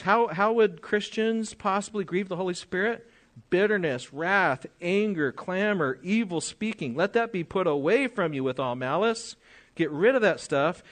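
An older man preaching a sermon, reading scripture aloud, explaining it and asking his listeners questions. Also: sits high.

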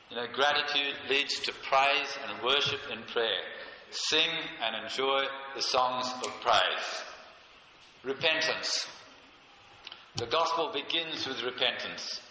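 An older man preaching a sermon, earnest and emphatic, often slowing down to stress a point. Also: medium pitch, sharp tone, slight background noise. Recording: echoey hall, heard from a distance.

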